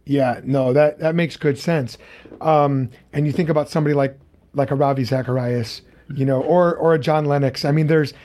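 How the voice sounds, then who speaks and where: A man's voice: a little high, steady tone, moderate pace, dark tone. A man hosting a casual interview over a video call, talking with many fillers and restarts. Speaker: interview host.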